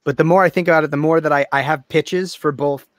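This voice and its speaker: A man co-hosting a casual comics podcast, animated and laughing as he pitches story ideas. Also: fast, a little hiss or hum. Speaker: podcast co-host. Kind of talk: casual chat.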